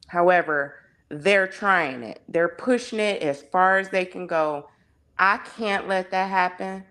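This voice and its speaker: A woman in a casual panel discussion, her voice sitting on the lower side and moving at an unhurried pace. She argues with passion and fires off rhetorical questions one after another. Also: a bit bright. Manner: impassioned, heavy on rhetorical questions.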